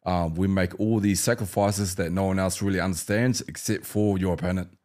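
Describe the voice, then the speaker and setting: Male ex-fighter guest, New Zealand accent, low relaxed storyteller. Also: fairly quick. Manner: animated storyteller, acts out fight banter and laughs. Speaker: former UFC fighter, guest. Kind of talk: casual storytelling interview.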